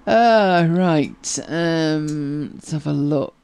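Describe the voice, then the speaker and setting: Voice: medium pitch, very slow, vocal fry, darkish tone, smooth. A chatty host, laughing easily and answering viewer questions in casual talk. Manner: chatty, laughs easily, repeats words when starting. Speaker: host of a tech help show.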